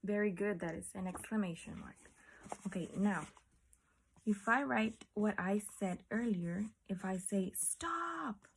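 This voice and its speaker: A woman's voice: mid-range voice, darkish tone, slight background noise. A woman teaching a class, explaining patiently and asking her students questions. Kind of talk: classroom lesson.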